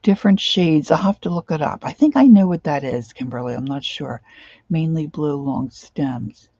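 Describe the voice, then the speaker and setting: A woman's voice: deep voice, expressive, normal speed, mellow, no room sound, highs cut off. A middle-aged woman chatting casually as she works on a craft project, rambling on and answering viewers' comments.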